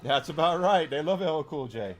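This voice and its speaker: A man's voice: a little high, animated, fairly quick. A man with a slightly raised voice tells a story while streaming a game, rambling along, restarting his sentences and leaning on "uh" and "you know." Faint game music plays underneath him. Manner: rambling, with many restarts and fillers.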